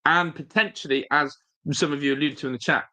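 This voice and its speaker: A man's voice: a little high, fairly even intonation, fairly quick, bright, forceful tone. A man hosting a football fan live stream, chatting loosely, rambling with fillers and reading out viewer comments. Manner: chatty, rambling, reads viewer chat aloud. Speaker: football fan channel host. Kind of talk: live-stream casual chat.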